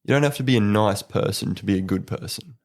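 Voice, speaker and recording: A young Australian man, an apprentice electrician, chats casually as a podcast guest in an interview. His voice sits on the low side with a creaky quality, and he talks quickly. He's a relaxed storyteller who laughs through his tales.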